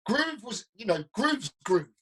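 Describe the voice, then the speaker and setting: A middle-aged man with a bright, husky voice. He tells stories in a relaxed chat, slips into the voices of the people he quotes, and often repeats himself as he goes. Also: high-pitched, a little slow, low-quality recording. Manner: lively storyteller, acts out quotes, repeats himself. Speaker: interviewer, DJ. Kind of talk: casual conversation.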